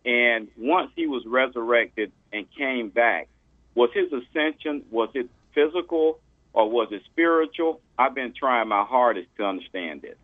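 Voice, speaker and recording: A man calling in to a radio show, asking his question in a hesitant, halting way. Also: mid-range voice, animated, no room sound. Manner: hesitant, halting, full of fillers. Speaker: caller. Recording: tinny phone line.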